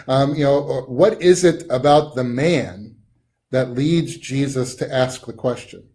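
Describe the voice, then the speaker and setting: A man's voice: medium pitch, slow pace, darkish tone. A man leading a Bible study in a conversational teaching style, thinking aloud with frequent ums and restarts.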